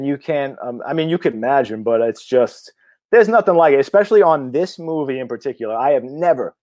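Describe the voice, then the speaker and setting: A man, an independent filmmaker, talking in a casual interview. He is blunt and energetic, swears freely and rambles with restarts. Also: medium pitch, no room sound. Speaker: indie horror filmmaker.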